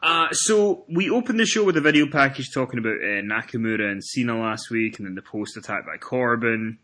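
Fairly quick and expressive, this mid-range male voice has a bright, forceful edge. The speaker, a Scottish host of an easygoing wrestling podcast, tells chatty stories, curses freely, and acts out people's lines.

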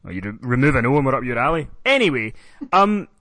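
A man's voice: medium pitch, big pitch swings, fast, a bit bright. A man hosting a comedic podcast, teasing his co-host in a dry, exasperated way.

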